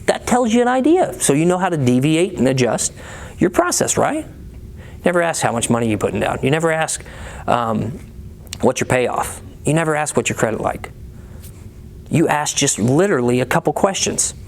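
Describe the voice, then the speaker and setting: A man gives blunt, profane coaching to car salespeople. His pitch swings widely as he talks. He acts out both the salesman and the customer in quick exchanges. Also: sing-song, creaky. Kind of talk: casual coaching monologue.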